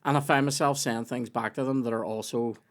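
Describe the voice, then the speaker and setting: A man hosting a comedy podcast, chatting casually and telling stories, swearing freely and dropping into quick impressions of people he meets. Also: medium pitch, fairly even intonation. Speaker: podcast host.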